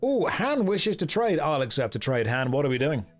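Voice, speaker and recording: A man's voice: a little high, sing-song, moderate pace, soft background music. A man streaming a game, chatting casually, joking and reading chat aloud. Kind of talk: casual gameplay commentary.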